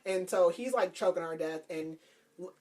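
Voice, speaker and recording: A woman's voice: fairly low pitch, moderate pace, a little mellow. A woman podcast host casually recapping a book's plot, chatty and laughing, with lots of "like". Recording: voice a bit far from the mic.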